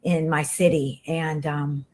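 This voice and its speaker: A woman with a very low voice talks slowly during a card reading. She sounds soft and hesitant, and her sentences are full of fillers. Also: steady tone, poor audio. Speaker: guest being read for. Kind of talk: casual chat.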